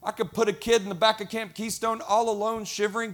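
A middle-aged man preaching a lively sermon, acting out quoted voices. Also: high-pitched, fast. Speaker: pastor.

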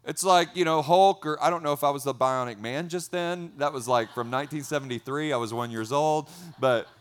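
A man's slightly high voice carries an energetic sermon. He repeats key words for emphasis, and his volume swings between loud and soft as he preaches. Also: brisk, clean tone. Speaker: pastor.

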